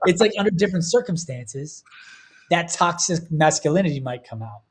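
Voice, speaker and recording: A man's voice: a little high, quick pace. A man in his thirties talking earnestly and emotionally on a casual podcast. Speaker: podcast host.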